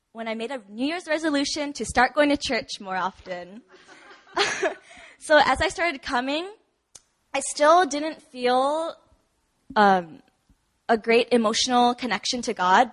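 A woman's voice: on the high side, fairly bright tone. A woman sharing her personal testimony at a church service in a chatty way, with many fillers and frequent laughs. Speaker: church member giving testimony.

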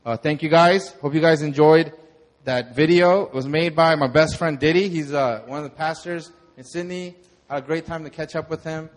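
A young man, a pastor, telling a lively sermon testimony and acting out the moments in his story. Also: a little high, moderate pace. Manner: animated storytelling, acts out shouts.

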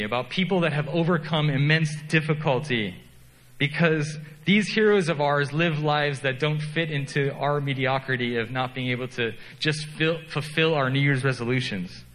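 A man's voice: fairly high pitch, fairly bright tone, long reverb tail, poor audio. A man preaching a sermon as pastor, telling self-deprecating stories in a conversational way.

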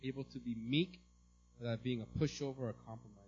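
A male pastor preaches in a loose, conversational way, often checking in with "right?" and sometimes breaking into a loud outburst of mimicry. His voice sits in a middle pitch. The recording sounds dull and lo-fi. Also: steady tone, quick pace. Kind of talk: sermon.

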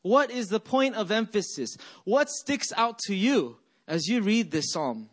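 A man's voice: high-pitched, lively intonation, a little slow. A man preaching a sermon, reading scripture and then reflecting aloud with many rhetorical questions. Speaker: pastor.

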